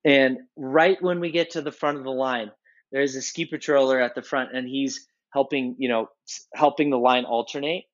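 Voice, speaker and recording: A man's voice: medium pitch, steady tone, moderate pace, lo-fi sound. A man co-hosting a casual podcast, telling stories in a rambling way with many restarts. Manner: rambling storyteller, frequent restarts. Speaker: podcast co-host. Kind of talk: casual chat.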